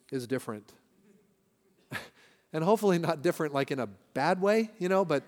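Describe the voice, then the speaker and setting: A pastor preaching a sermon from a church platform, telling stories in a conversational way with shifting emphasis. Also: male voice, a little high, darkish tone. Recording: long hall reverb from a church.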